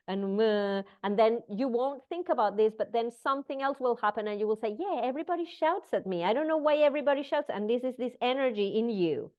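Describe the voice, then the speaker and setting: Teaching breathwork, a woman who isn't a native speaker tells a story, acting out the dialogue and stopping to restart. The recording of her mid-range voice is muffled.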